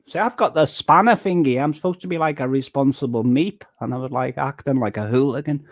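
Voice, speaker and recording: A man from Liverpool with a softened Liverpool accent, chatting casually and laughing at himself on a live-stream panel. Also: medium pitch, fairly quick, no echo, studio quality. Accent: English, softened Liverpool. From Liverpool, England. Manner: chatty, self-mocking, laughs easily. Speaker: panel guest. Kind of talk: casual chat.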